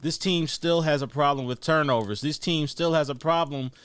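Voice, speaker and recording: A man rants about his team on a sports podcast, stressing every point and circling back to hammer it again. His voice sits a little high and the recording is close and dry. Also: moderate pace, clear, resonant tone, no echo. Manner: emphatic, repetitive, rising to near-shouting on points. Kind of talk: heated sports talk rant.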